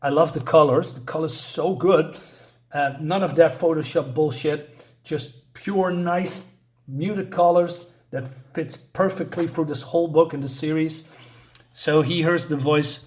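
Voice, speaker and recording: A man's voice: on the high side, fairly even intonation, unhurried. A man casually retelling a comic book story in a hesitant way, with many fillers and restarts.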